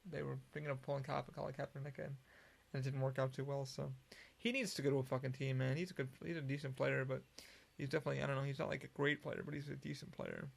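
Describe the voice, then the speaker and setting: A man's voice: medium pitch, little pitch movement, quick pace, vocal fry. A man hosting a solo podcast, rambling casually with lots of profanity and frequent restarts. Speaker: podcast host.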